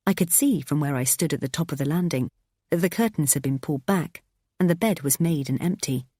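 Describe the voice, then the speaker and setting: A woman reading a first-person thriller audiobook, tense and expressive. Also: low-pitched, fairly quick, slightly rough, dry recording, clean studio sound. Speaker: audiobook narrator.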